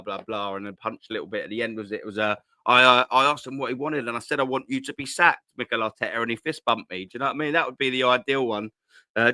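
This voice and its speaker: A man's voice: medium pitch, bright, forceful tone, dry recording, clean studio sound. A man hosting a casual live stream from home, rambling and swearing with lots of slang into a cheap desk mic at his laptop. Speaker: host.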